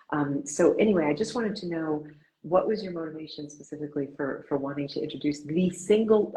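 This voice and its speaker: A woman with a notably low, deep voice hosts an author interview. She talks in an earnest, meandering way, circling her questions with "um" and "you know" before landing them. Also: a little mellow, rough recording. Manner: earnest, rambling questions with many fillers. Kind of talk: conversational interview.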